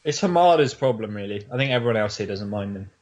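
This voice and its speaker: A man's voice: on the low side, lively intonation, fast talker, a little mellow, slight background noise. A man co-hosting a casual podcast chat, laid-back and sweary. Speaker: podcast co-host.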